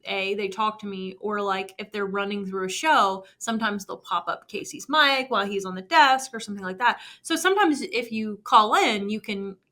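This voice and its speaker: A woman, a TV reporter, chatting casually with her co-host and adding quick reactions. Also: medium pitch, sharp tone. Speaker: TV news reporter. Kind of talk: casual chat.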